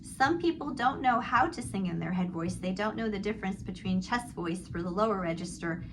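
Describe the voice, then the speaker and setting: Over a noisy background, a middle-aged woman teaching singing talks fairly quickly in a mid-range voice. She alternates sung vowel exercises, showing slides and sighs, with calm explanations of technique.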